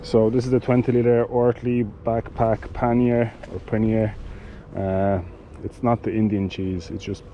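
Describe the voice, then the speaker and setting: A man giving a casual product demonstration of cycling gear, talking in a halting way with many fillers and restarts. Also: lowish voice, flat delivery, mellow, muffled recording, slight background noise.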